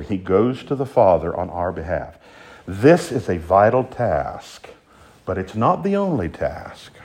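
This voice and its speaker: A male preacher delivering a sermon in an emphatic way, building up to strong exclamations. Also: mid-range voice. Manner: animated, emphatic, rises to exclamations.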